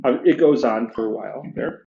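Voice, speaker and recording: A man leading a church study class who talks in a halting way, with many fillers and restarts. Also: medium pitch, creaky, mellow. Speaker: class leader. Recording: echoey room, dull lo-fi sound.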